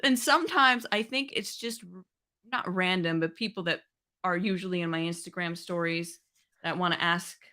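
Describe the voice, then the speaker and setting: A woman's voice: on the low side, normal speed, pushed and bright. A woman co-hosting a podcast livestream, greeting viewers by name and chatting in a loose, scattered way. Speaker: podcast co-host. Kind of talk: casual livestream chat.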